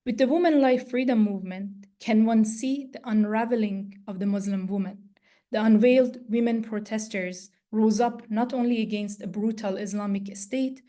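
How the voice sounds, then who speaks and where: Hoarse-voiced woman reading a lecture. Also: medium pitch, dark tone. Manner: measured, clears throat often. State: voice going hoarse. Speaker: plenary speaker, law professor.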